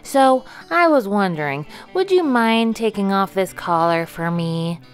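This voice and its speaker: A woman voicing an old, tired male pet dog who explains himself slowly and patiently. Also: mid-range voice, lively intonation, soft background music, natural voice. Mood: gentle.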